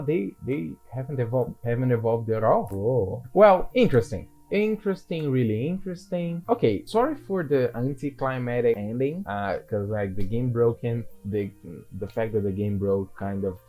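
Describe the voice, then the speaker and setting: Mellow-voiced man rambling over gameplay. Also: medium pitch, rough recording. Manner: rambling and self-deprecating, with frequent restarts. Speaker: gaming video creator. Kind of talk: casual gameplay commentary.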